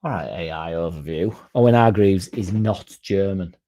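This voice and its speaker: A man's voice: deep voice, normal speed, mellow. A man hosting a football fan channel, chatting casually in a rambling, sweary, self-mocking way.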